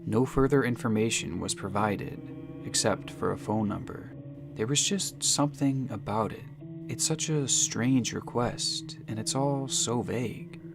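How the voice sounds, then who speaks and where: A man giving scripted, suspenseful mystery narration, measured and slowing down for dramatic phrases. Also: medium pitch, creaky. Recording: narration over music.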